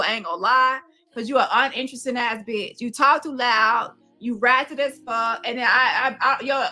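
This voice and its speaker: Woman, confrontational commentary, profane, high voice. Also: bright, forceful tone. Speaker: commentary host. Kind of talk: heated commentary rant.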